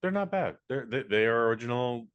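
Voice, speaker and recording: A man co-hosting a podcast in casual chat, quick to agree and to break in with corrections. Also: mid-range voice, animated, clean tone, dull audio. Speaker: podcast co-host.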